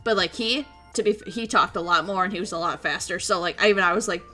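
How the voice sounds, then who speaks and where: A woman streamer chatting casually, telling a story in an excitable way, laughing often and acting out what people said. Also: fairly low pitch, fast, soft background music. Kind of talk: casual chat.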